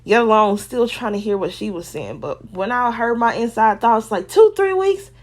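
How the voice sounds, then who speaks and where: A woman's voice: mid-range voice, normal speed. A woman vlogger giving an emotional personal testimony in candid, casual slang.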